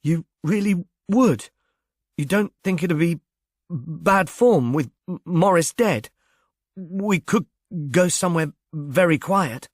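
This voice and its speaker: A bashful young gentleman who stammers over his words and keeps apologising with awkward politeness, as a man reads him. He is pitched fairly high, and the voice sits dry and close. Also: lively intonation, takes it slowly, no echo. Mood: shy, hopeful. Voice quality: stammering, diffident. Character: shy stammering young Englishman, earnest and polite. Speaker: reader.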